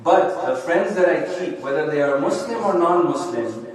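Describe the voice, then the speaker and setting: With crowd noise in the background, a sheikh gives an expressive sermon in a fairly high voice at normal speed. The Islamic center hall is echoey and the mic distant, and he talks conversationally, often adding "right?" and "yeah?"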